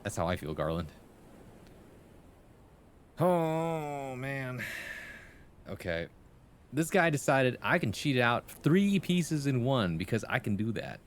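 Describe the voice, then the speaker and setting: A man's voice: medium pitch, very animated, slow, pauses often, slight background noise. A man streaming live, chatting casually with viewers, swearing and joking and laughing often. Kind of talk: casual live-stream chat and improvised storytelling.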